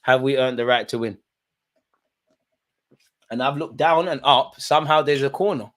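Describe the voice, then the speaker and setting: A young man, streaming a live football watchalong, shifting between nervous muttering and loud outbursts at the referee. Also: medium pitch, normal speed. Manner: animated, swings from muttering to shouting at the ref. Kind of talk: live match reaction commentary.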